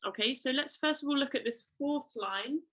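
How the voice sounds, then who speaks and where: A woman's voice: high voice, moderate pace, fairly bright tone, a little hiss or hum, rough recording. A young woman giving an online trumpet lesson, explaining patiently and encouragingly with many fillers. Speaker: trumpet teacher.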